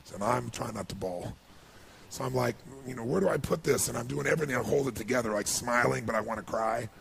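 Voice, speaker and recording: A man giving an emotional storytelling speech as a motivational speaker, swinging from hushed to loud and high when moved. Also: fast. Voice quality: gravelly.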